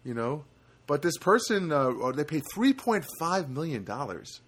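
Middle-aged man, solo podcast host, rambling, self-deprecating, lots of fillers, animated pitch. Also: unhurried, breathy edge.

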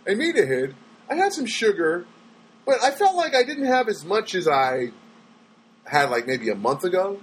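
A man's voice: fairly high pitch, big pitch swings, unhurried, long pauses, a little hiss or hum, rough recording. A man talking casually on his own as a stand-up comedian, rambling and chatty, often trailing off and restarting his sentences. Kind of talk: casual solo monologue.

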